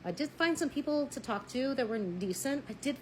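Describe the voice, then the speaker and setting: A woman telling a personal story in a blunt, animated way, swearing freely and acting out what people said. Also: high-pitched, fairly quick, slight background noise, rough recording. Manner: married. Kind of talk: casual storytelling.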